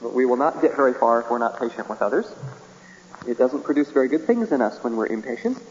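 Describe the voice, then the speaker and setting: A man's voice: medium pitch, animated, fast, a little mellow, long reverb tail, muffled recording, a little hiss or hum. A man preaching a sermon in a folksy way, chuckling often and acting out little dialogues.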